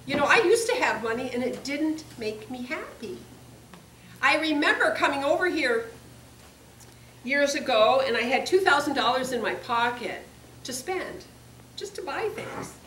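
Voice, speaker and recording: A woman's voice: sits high, lively intonation, normal speed, a bit bright. A woman giving a personal testimony sermon, earnest and confessional, repeating phrases for emphasis. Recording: echoey room, distant mic, faint hiss.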